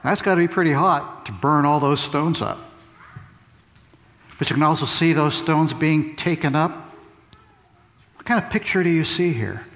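A man's voice: a little high, normal speed, pauses often, a bit bright. A man preaching a sermon, asking rhetorical questions and repeating key phrases for emphasis. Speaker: pastor. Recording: long reverb of a large hall.

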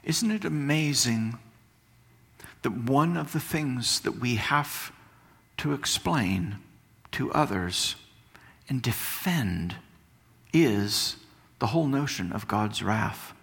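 A man preaching a sermon as pastor, slow and emphatic, building up to pointed questions and then dropping to hushed words. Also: mid-range voice, expressive, gravelly. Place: church sanctuary. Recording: long reverb of a church hall.

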